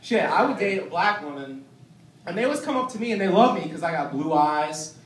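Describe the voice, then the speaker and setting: A man's voice: high-pitched, lively intonation, a little fast. A man performing a stand-up comedy set, telling loose, profane stories with lots of fillers. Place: comedy venue stage. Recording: echoey room, distant mic, noisy.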